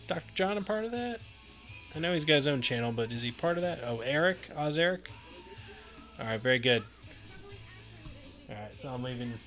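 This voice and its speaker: His voice sits at medium pitch with a fairly bright tone. He runs a live pinball stream, talking casually with viewers, laughing frequently, and chatting with them mid-game.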